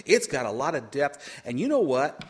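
A man preaching a storytelling sermon, animated, swinging between loud bursts and quiet asides. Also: mid-range voice, moderate pace, slightly rough. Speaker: pastor.

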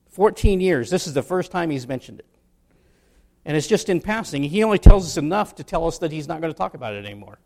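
A man, a pastor, delivering a sermon in an animated style with humorous asides. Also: a little high, quick pace, gravelly.

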